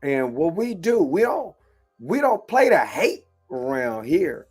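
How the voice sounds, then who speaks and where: Animated male video host, lively pitch. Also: takes it slowly, breathy edge, soft background music. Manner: loose, repetitive, lots of filler phrases; animated, jumping between soft and loud. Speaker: show host. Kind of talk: casual video commentary.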